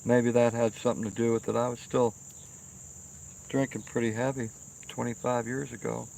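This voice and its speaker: A man's voice: medium pitch, flat delivery, moderate pace, gravelly, darkish tone, slight background noise. A middle-aged man hosting a livestream, telling a rambling, profane story outdoors and often checking in with "okay?". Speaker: livestream host. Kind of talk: casual storytelling. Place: outdoors by a fire pit at night.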